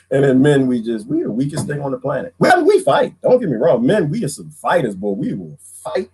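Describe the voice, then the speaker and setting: A man's voice: a little high, wildly swooping pitch, fairly quick, hardly any pauses, darkish tone, slightly rough. A man hosting a casual livestream, ranting comically to viewers, laughing often and repeating himself. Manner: laughs often, slips into mocking voices. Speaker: livestream host. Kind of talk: casual comedic rant to viewers.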